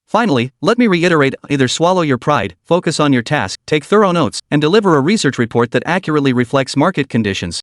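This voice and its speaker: A man's voice: on the high side, sing-song, fast talker, few pauses, no echo, clean studio sound. A man voicing a cold, stern young woman executive with a curt, commanding manner, read in a recap.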